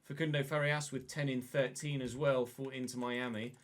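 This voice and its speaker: A man commenting casually on his own football video game career, chatty and excitable, with mild swearing. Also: mid-range voice, normal speed. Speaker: gaming YouTuber.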